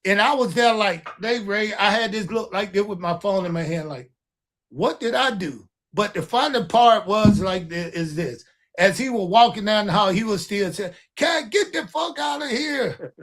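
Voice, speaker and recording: An older man with a fairly high voice hosts a podcast and tells a story in loose, casual chat. He acts out each quote with energy and swears freely along the way. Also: moderate pace, a bit bright. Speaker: podcast host.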